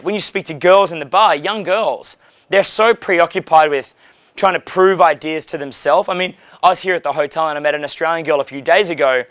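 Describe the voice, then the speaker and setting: A man in a hotel giving a casual coaching monologue about dating, blunt, profane and animated. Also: on the high side, no echo.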